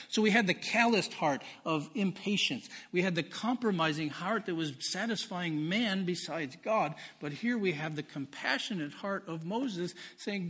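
A man preaching a sermon in a conversational way, reading scripture slowly and with emphasis. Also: high-pitched, expressive, a bit bright, slightly rough. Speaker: pastor.

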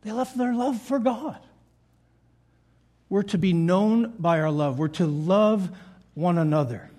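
A man's voice: high voice, takes it slowly, a little mellow. An older man preaching a sermon to his church, earnest and repeating key phrases for emphasis. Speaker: pastor. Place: church meeting room.

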